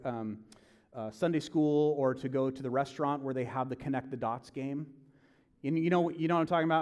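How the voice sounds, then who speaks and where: A man's voice: on the high side, darkish tone. A man in his thirties preaching a sermon in a casual, conversational way, acting out the voices he quotes. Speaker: pastor. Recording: long hall reverb.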